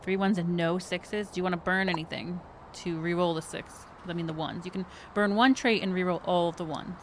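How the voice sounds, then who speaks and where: A woman's voice: on the low side, fairly even intonation, a little fast, slight background noise. Woman game master, patient. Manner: patient, explaining rules, laughs often. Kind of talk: running a tabletop game.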